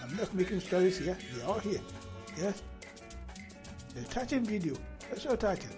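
A man's voice: sits high, sing-song, normal speed, music in the background. A Ghanaian man giving casual commentary on a video, switching between Twi and English and reading a news report aloud between remarks. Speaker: online commentator.

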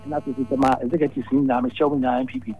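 A man's voice: medium pitch, fairly even intonation, very fast, narrow, tinny audio, a little hiss or hum. A man calling in to a talk radio show, giving a long, rambling address full of repeated words. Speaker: radio phone-in caller.

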